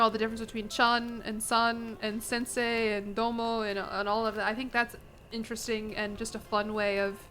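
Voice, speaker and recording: A young adult woman streaming a game, chatting casually with playful, self-mocking jokes and bursts of laughter. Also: rough recording. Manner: bursts of animated laughter and pitch jumps. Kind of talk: casual livestream chat while playing a game.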